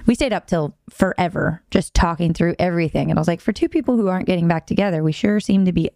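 A young woman co-hosting a podcast and telling a long personal story in an animated, quick way, often breaking into laughter. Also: lowish voice, dry recording, studio quality. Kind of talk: casual storytelling chat.

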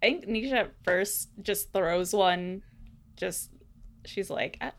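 A woman's voice: mid-range voice, slow pace. A woman playing a tabletop game, describing her character's actions with frequent laughter. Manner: giggly, animated, laughs often. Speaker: player. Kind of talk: casual tabletop role-play.

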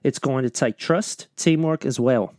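A man's voice: mid-range voice, unhurried, darkish tone, no echo, natural voice. A playful mock-Australian narrator, as a man puts him on reads a fantasy film blurb in a jokey, amateur accent that trips over the names. The sound is dry and close, with no room around it. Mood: mock-grand.

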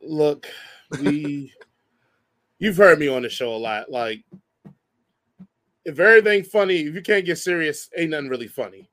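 Man agreeing with his co-host, a bit high. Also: lively intonation, a little slow, long pauses, fairly bright tone. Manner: agreeing backchannel, blunt opinions. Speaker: movie review co-host. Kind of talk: casual chat.

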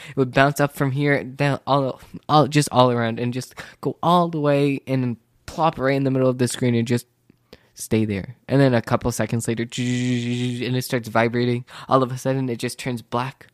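A teenage male student telling a rambling, casual story, full of "like" and "literally," and growing animated when he feels wronged. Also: mid-range voice, moderate pace, dry recording, studio quality.

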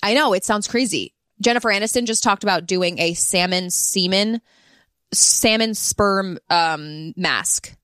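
A woman co-hosting a podcast in casual chat, blunt and enthusiastic, with quick reactions. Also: mid-range voice, fairly bright tone, smooth, dry recording, studio quality. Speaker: podcast co-host.

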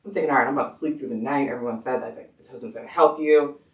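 A young woman as a podcast guest, telling her story in casual chat, animated, acting out quoted voices and laughing often. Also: very deep voice, very fast. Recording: echoey room, distant mic.

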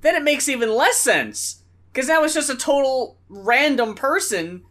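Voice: high-pitched, big pitch swings, a little slow, sharp tone. A co-host in a casual music review chat, sounding puzzled and asking questions as they think aloud.

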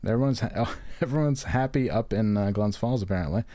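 A man's voice: on the low side, a little fast, mellow, no room sound, clean studio sound. A man co-hosting a casual comedy podcast, laughing and swearing as he reads reviews aloud. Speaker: podcast co-host.

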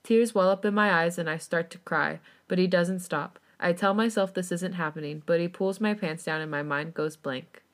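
A woman's voice: on the low side, normal speed, hardly any pauses. A woman podcast host reading fan fiction aloud in plain first-person narration, with casual asides.

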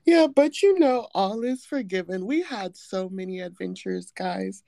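A young woman hosting a casual chat, playfully dramatic and quick to laugh. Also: medium pitch, lively intonation, warm tone, a little hiss or hum. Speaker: podcast host.

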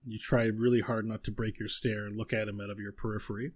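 A man's voice: fairly low pitch, little pitch movement, fast talker. A man narrating as game master, describing scenes with fillers and restarts.

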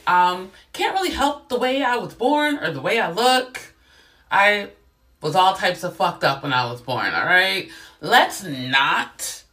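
A woman's voice: fairly low pitch, bright, forceful tone. A woman in her thirties ranting straight to the camera, blunt and profane, with a self-deprecating edge. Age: 30s. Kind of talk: direct-to-camera rant.

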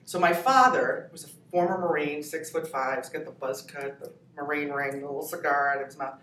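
A comedian woman in her fifties from New Hampshire, telling stories in a lively, laughing way as a podcast guest. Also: low voice, fairly quick. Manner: animated, laughing storyteller. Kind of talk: podcast interview. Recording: echoey room, distant mic, faint ambience.

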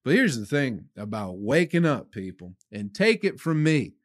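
A man's voice: mid-range voice, very animated, normal speed, no room sound, clean studio sound. A man hosting his own comedy podcast, delivering a rambling, profane monologue that he aims at listeners he calls people. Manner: acts out his own inner voice in quotes.

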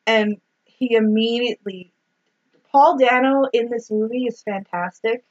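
A woman co-hosts a podcast, recapping a movie in casual chat, swearing freely and acting out quotes as she retells scenes. Her voice is a little high and her pace measured. The recording sounds dull and lo-fi.

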